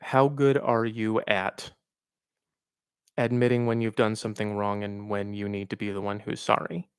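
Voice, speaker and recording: A man with a lowish, smooth voice hosts a casual live stream, reading out viewer questions. He answers with frank, reflective advice, pausing and using fillers as he thinks. The sound is close and dry. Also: flat delivery, no echo. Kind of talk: casual livestream Q&A.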